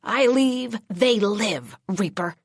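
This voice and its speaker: A desperate male vampire snarls threats through his teeth, his voice pitched up a touch, as a woman puts him on. The recording is dry and close. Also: sing-song, normal speed, no echo. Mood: hissing. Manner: menacing then pleading. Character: cornered male vampire killer, hissing and desperate.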